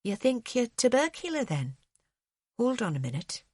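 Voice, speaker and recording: Soft-spoken scottish orderly, kindly man, a lady narrator doing him, dry close sound. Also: very high voice, big pitch swings, normal speed, slightly rough, no echo, pitched above the performer's own voice, heavily acted. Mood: gentle. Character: gentle middle-aged male Scots orderly.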